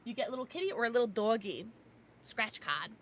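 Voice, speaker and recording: Lively, bright-voiced young woman streamer. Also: on the high side, fast talker, slight background noise. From United States. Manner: animated, ranting, laughing often, talks to pets. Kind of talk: casual livestream chat with viewers.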